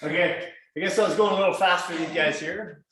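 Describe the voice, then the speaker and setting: Man instructor, high voice, echoey studio, calm rhythmic cueing of breaths and stretches. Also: a little fast, a little hiss or hum. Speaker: fitness class instructor. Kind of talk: guided breathing and movement instructions.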